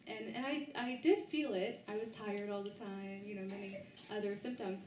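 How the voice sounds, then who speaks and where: A woman's voice: medium pitch, fairly even intonation, darkish tone, reverberant, far from the mic, slight background noise, low-quality recording. A woman giving a book talk to a live audience, sharing a personal story with many restarts and fillers. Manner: halting, with frequent restarts and fillers. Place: bookstore event space, indoors.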